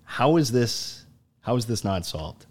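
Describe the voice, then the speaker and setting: A man from Canada hosting a podcast, conversational and animated when asking questions. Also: mid-range voice, unhurried. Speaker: podcast host. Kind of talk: casual podcast chat.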